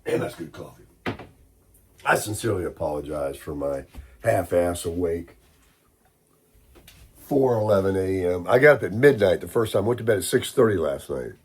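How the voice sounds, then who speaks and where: Husky, congested American man chatting. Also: deep voice, expressive, normal speed, pauses often, a little mellow. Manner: rambling storytelling, grumbling. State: sick, congested and hoarse. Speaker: vlogger. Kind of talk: casual morning chat.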